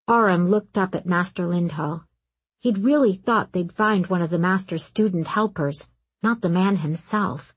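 A woman reading a story aloud, in a calm, steady narration. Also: on the low side, normal speed, slightly rough, no room sound. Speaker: audiobook narrator. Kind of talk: scripted narration.

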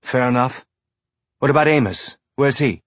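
A man voicing a steady male captain who speaks in a low, careful, reassuring way. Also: normal speed, no room sound, lightly acted.

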